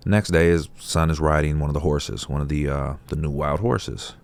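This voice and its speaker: A man with an exceptionally deep voice talks to camera in a relaxed, reflective vlog. He speaks conversationally and swears freely as he shares his perspective. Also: moderate pace, few pauses. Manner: laid-back, profane, conversational. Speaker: vlogger. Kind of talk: casual reflective talk to camera.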